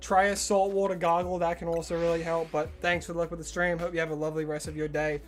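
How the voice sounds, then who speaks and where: A man's voice: on the high side, little pitch movement, fast talker, soft background music. A man with an Australian accent streaming a game live and chatting casually with viewers in a joking way, his voice prone to cracking. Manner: jokey, greets and answers chat readers. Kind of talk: casual live-stream chat while gaming.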